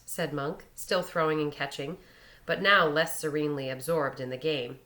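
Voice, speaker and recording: A woman reading a short story aloud in a measured storytelling manner. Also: low voice, fairly even intonation, sharp tone. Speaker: reader.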